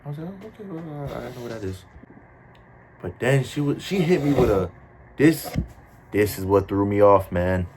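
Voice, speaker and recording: A young man from New Jersey with a New Jersey accent, telling a casual storytime in slangy, animated talk. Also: lowish voice, moderate pace, long pauses, a crowd in the background.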